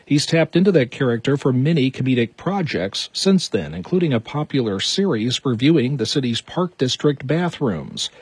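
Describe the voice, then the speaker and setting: A man, a news anchor, reading a scripted intro in a steady, formal voice. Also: mid-range voice, normal speed, few pauses, slightly rough, no room sound.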